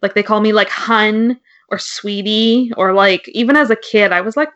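A woman's voice: mid-range voice, normal speed, fairly bright tone, highs cut off. A woman co-hosting a podcast in casual chat, telling stories and saying "like" a lot. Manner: chatty storyteller, heavy use of "like". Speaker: podcast co-host.

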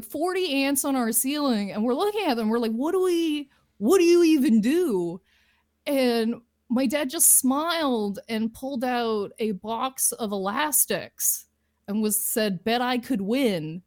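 A woman's voice: a little high, no echo. A woman comedian from small-town Ontario, Canada, talking casually in an interview. Her speech is loose and rambling and peppered with "like" and "you know". The recording is dry and close. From Lindsay, Ontario, Canada. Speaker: comedian guest.

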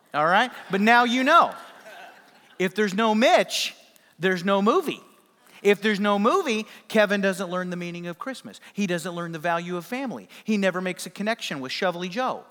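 A man preaching with a playful, joking manner, throwing questions out to the congregation. His voice sits high and sounds bright and forceful. Long reverb trails each phrase, as in a church sanctuary. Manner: playful, jokey, audience call-and-response. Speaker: pastor. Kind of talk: sermon. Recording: long reverb in a large hall.

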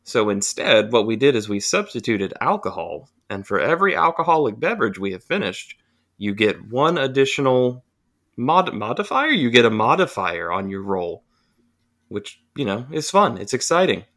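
A man's voice: medium pitch, big pitch swings, moderate pace, a bit bright. A man hosting a casual podcast, joking with friends and explaining the rules of their dice game. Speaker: podcast host.

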